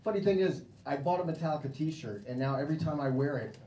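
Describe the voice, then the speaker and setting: A man's voice: a little high, quick pace. An American man doing a crude, mocking stand-up comedy set on a club stage, acting out voices. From United States. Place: comedy club stage before a live audience. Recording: roomy club with loud crowd noise.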